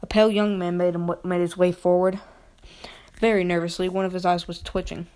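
A woman with a somewhat low voice reads a storybook aloud. Her pace is unhurried, and she now and then trips over a word and starts it again. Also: level tone, a little mellow. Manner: unhurried reading with occasional stumbles and restarts. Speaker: reader. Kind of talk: amateur audiobook reading.

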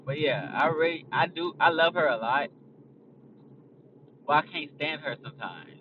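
A man's voice: a little high, normal speed, recorded from a distance, dull audio, slight background noise. A young man talking casually as a podcast host, blunt and profane, rambling from a moving car. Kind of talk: casual chat. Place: in a car on a highway.

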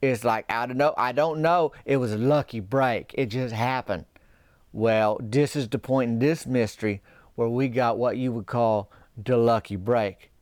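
A man's voice: medium pitch, unhurried, a little mellow, dry recording, studio quality. A man telling a comic story in a folksy, rambling, drawling way. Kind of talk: comedic storytelling.

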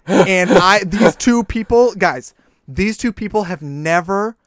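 A man's voice: high voice, takes it slowly, no room sound, studio quality. A young man in casual chat, telling stories with swearing and acting out the voices of people he quotes.

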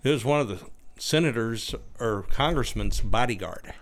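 A man's voice: medium pitch, lively intonation, moderate pace. A man co-hosting a podcast in casual chat, joking and teasing as he talks. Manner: joking, teasing, laughs through lines. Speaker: podcast co-host.

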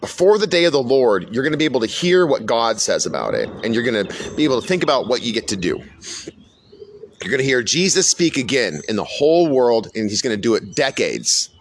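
A man's voice: medium pitch, very animated, fairly quick, a little hiss or hum. A middle-aged man delivering an unscripted podcast sermon, blunt and profane, repeating his warnings. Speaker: podcast preacher. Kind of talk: unscripted religious monologue.

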